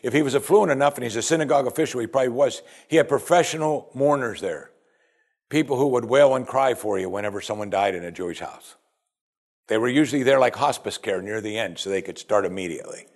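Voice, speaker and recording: A man's voice: mid-range voice, fast talker. A man preaching a sermon as pastor, talking straight to his listeners with rhetorical questions. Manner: animated, rhetorical questions to the congregation.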